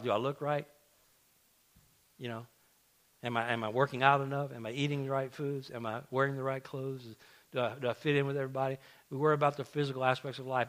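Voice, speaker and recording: A man delivers a sermon from the pulpit in a somewhat raised, bright-leaning pitch. He talks emphatically, repeats his key phrases and often restarts mid-sentence. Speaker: pastor. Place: church sanctuary.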